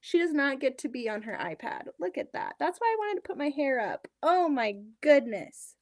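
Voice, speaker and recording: A woman's voice: sits high, big pitch swings, moderate pace, no room sound, studio quality. A woman in her thirties chatting casually on a home quilting livestream, rambling about her kids and reading out viewer comments. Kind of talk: casual chat on a live stream. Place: home sewing room.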